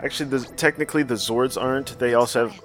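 A man's voice: mid-range voice, fairly even intonation, fast talker, a bit bright. Male reviewer, easygoing and digressive, faint music underneath. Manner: chatty, digressive, trivia-filled. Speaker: show reviewer. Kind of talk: casual watch-along commentary.

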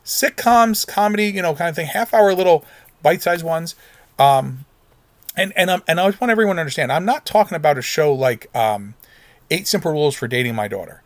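A middle-aged man with a slightly high voice talks through a solo podcast episode, rambling and circling back on himself. His words come close and dry, with no room sound around them. He drifts into emotion at times while chatting. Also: lively intonation, a little fast, dry recording. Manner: rambling, self-interrupting, conversational. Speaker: podcast host. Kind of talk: solo casual podcast monologue.

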